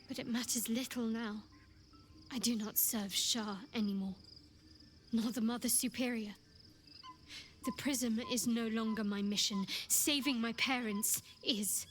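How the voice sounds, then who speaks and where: An actress playing a guarded former cleric in a video game, speaking in a cool, measured way. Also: female voice, fairly high pitch, fairly even intonation, soft background music, natural voice. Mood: resolute.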